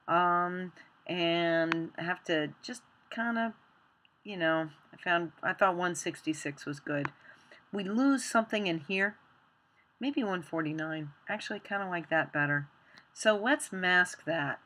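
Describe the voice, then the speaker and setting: A woman teaching a screen-recorded software tutorial, chatty and self-deprecating as she talks while working. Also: on the low side, slight background noise.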